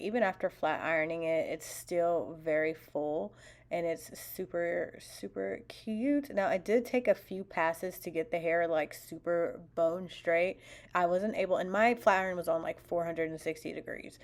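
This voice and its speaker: A woman with a slightly low voice narrates a hair tutorial in a relaxed, chatty way. Her talk is full of casual fillers, and she keeps a self-deprecating, joking tone. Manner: self-deprecating, laughs at herself. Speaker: beauty vlogger.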